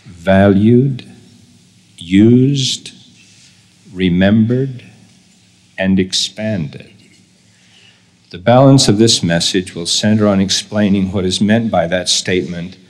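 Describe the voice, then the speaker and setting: An older man giving a formal devotional sermon in a slow, measured, deliberate way. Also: lowish voice, a little mellow. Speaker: church leader giving a devotional address.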